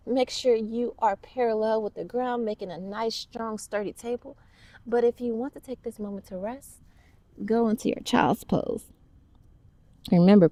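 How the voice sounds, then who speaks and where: A woman's voice: medium pitch, a little mellow, no room sound. A woman guiding a kids yoga class, upbeat and encouraging with playful cues.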